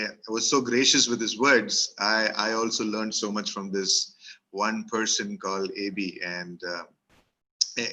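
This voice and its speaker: A middle-aged motivational speaker from Kerala, with an Indian English accent, tells humorous, self-deprecating stories peppered with fillers. His voice is on the low side, bright and forceful, and the recording is rough.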